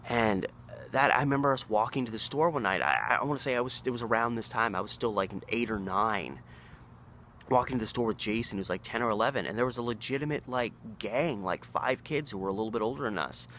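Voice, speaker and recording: A man's voice: medium pitch, expressive, brisk, fairly bright tone, slight background noise. A man in his thirties from Oregon, telling a story in a casual, rambling way with frequent restarts and acted-out quotes. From Oregon, USA. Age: 30s. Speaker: local history storyteller.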